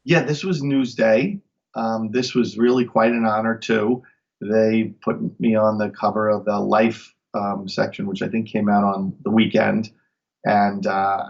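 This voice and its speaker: This interview guest, a magician from Long Island, New York, chats casually as an enthusiastic, upbeat storyteller. His voice is fairly low with vocal fry, and the highs in the audio are cut off.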